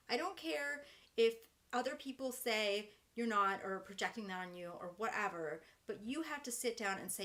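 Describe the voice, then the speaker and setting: A woman's voice: fairly high pitch, fairly bright tone. Earnest woman coach talking to camera. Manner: earnest, encouraging, many fillers like "you know" and "like". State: emotional. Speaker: life coach. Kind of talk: heartfelt direct-to-camera talk.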